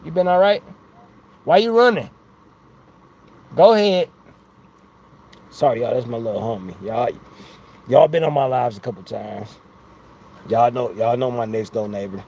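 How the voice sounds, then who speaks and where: A man's voice: medium pitch, moderate pace, warm tone. A man hosting a casual live stream from outside his home, talking into a phone in a rambling, slangy way and laughing often. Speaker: livestream host.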